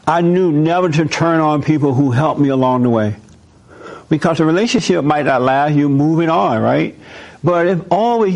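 Man, higher-pitched voice, animated, preachy talk to a live room. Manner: animated, asks the audience questions. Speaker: host speaking to a live audience.

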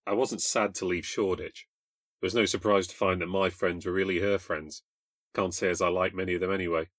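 Sardonic low-voiced man narrating. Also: brisk, no echo. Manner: sardonic, bitter, deadpan. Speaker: podcast host and narrator. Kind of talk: first-person ghost story narration.

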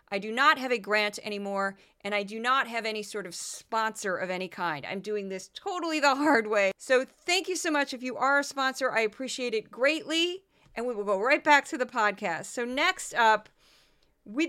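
A woman's voice: fairly high pitch, pushed and bright, clear, resonant tone. A woman from the American Midwest hosting a commentary podcast, talking in a sarcastic, mocking way. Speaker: podcast host.

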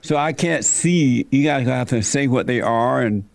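A man hosting a casual talk radio show from a studio, brisk and teasing as he directs his guests. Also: mid-range voice, gravelly, dry recording.

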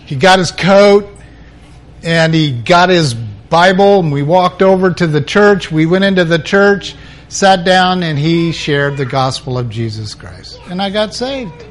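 An older male preacher tells his personal testimony, storytelling dramatically. His high-pitched voice rises at the intense moments.

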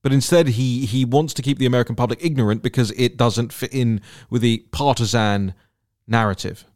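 A man's voice: mid-range voice, a little fast, darkish tone, no room sound, clean studio sound. A man hosting a solo political commentary podcast, talking in an indignant, emphatic way and repeating words for stress.

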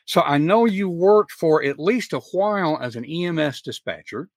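A man's voice: a little high, animated, moderate pace, no room sound, clean studio sound. A middle-aged man with a Southern US accent hosting a podcast interview in a folksy, chatty way, often restarting his sentences. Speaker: podcast host. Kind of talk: casual interview chat.

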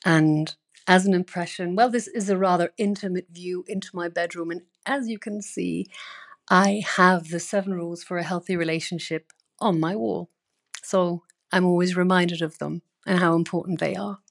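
A woman's voice: lowish voice, steady tone, normal speed, vocal fry. A woman hosting and reading her own newsletter aloud, earnest and emphatic, with sudden stressed words, in her bedroom. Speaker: newsletter host.

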